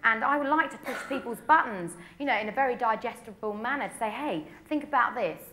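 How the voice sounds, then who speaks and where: A woman's voice: on the high side, fast, bright, forceful tone, a little hiss or hum. An English woman in her twenties, a pop singer answering press questions in a chatty, candid way full of "you know". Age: 20s.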